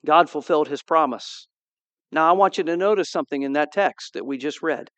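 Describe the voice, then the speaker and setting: Male pastor, higher pitch, animated preaching style, dry close sound. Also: a little fast, dry recording. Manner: animated, acts out quoted dialogue; asks the congregation for responses. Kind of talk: sermon.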